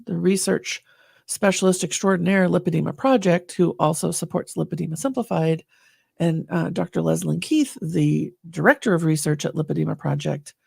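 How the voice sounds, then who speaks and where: A woman's voice: fairly low pitch, gravelly, a little mellow, husky, no echo, studio quality. A woman co-hosting a candid podcast conversation, talking with effusive, emotional enthusiasm. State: slightly choked up. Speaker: podcast co-host.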